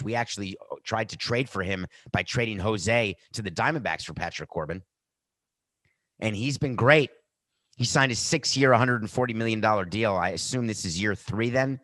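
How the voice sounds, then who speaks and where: Animated man hosting sports talk. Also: fairly low pitch, dry recording. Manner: animated, tangents and jokey asides. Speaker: podcast host.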